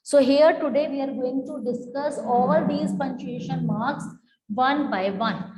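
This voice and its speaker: A woman teaching an online English class, explaining slowly and drawing out her words. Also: sits high, darkish tone. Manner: slow, explanatory, drawn-out words. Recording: echoey hall-like room.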